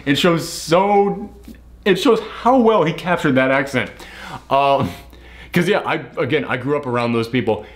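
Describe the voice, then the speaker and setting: A man's voice: on the high side, expressive, moderate pace. A man co-hosting a casual movie review, rambling and laughing at his own mix-ups, sleep-deprived. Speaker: film review co-host.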